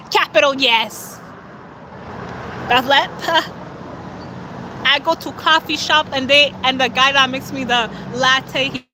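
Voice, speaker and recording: A woman influencer talking casually and boastfully on a phone livestream, with sassy remarks and quick laughs. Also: high voice. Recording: clear outdoor traffic noise.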